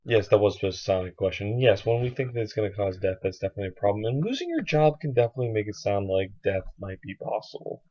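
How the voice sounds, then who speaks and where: A man's voice: mid-range voice, mellow. A young man with a cold, chatting in a rambling, casual video letter to a friend, full of fillers. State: has a cold. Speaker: vlogger. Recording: dull lo-fi recording.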